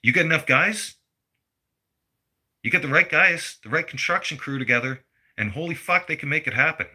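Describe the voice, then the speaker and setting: A man's voice: a little high, normal speed, bright, forceful tone, breathy edge. A man, delivering a blunt, heated political rant full of swearing. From Canada. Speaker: vlogger.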